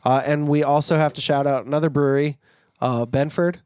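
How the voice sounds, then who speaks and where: A man's voice: on the high side, fairly even intonation, fairly quick, a little mellow, clear, resonant tone, dry recording, clean studio sound. A man co-hosting a band podcast in casual chat, laid-back and swearing casually, getting over a cough. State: recovering from a cough. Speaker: podcast co-host, band guitarist.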